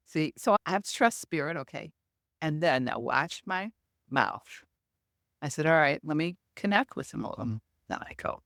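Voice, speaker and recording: A middle-aged woman with a deep, creaky voice speaks at normal speed in a dry, clean studio recording. As a medium and podcast guest, she tells anecdotes in an interview and acts out quoted dialogue with animation.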